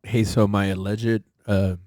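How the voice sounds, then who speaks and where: A young man co-hosting a casual podcast, relaxed and rambling. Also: on the low side, unhurried, no echo, clean studio sound. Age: young adult. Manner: relaxed, rambling, laughs often. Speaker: podcast co-host. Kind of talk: casual chat.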